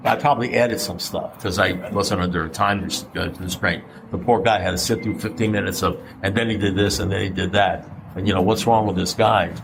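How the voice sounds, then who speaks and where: At a recovery meeting, a man with a fairly low, gravelly voice gives a blunt, conversational share, a little fast and steady in tone. He keeps throwing rhetorical questions at the room and swears now and then, over a faint hiss of noise.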